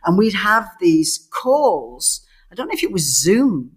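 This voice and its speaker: Woman, middle-aged, podcast co-host, casual chat, storytelling, restarts, mid pitch. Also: unhurried, slightly rough. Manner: lively storyteller who acts out quotes, many restarts.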